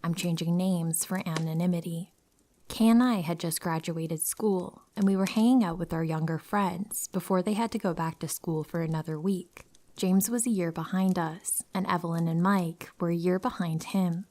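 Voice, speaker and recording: A young woman calmly reading true horror stories aloud for sleep, slipping into hushed, whispery stretches. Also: on the low side, moderate pace. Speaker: narrator reading listener stories. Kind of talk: soft scripted storytelling for sleep.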